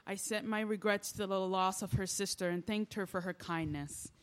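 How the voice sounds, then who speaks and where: A woman in a stage play who speaks in a confiding monologue. She rambles with emotional feeling, her voice at a mid pitch. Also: steady tone, normal speed. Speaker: lead character in a stage play.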